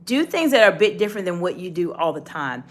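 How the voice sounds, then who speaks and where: A woman's voice: lowish voice, very animated, quick pace. A woman giving a leadership coaching lesson, talking straight to the viewer in an encouraging, instructive way. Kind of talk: direct-to-camera coaching talk.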